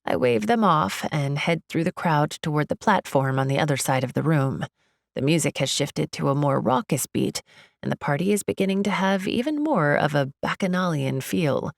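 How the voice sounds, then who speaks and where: Low-voiced woman narrating an audiobook. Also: expressive, moderate pace, vocal fry, no echo, studio quality. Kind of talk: first-person audiobook narration.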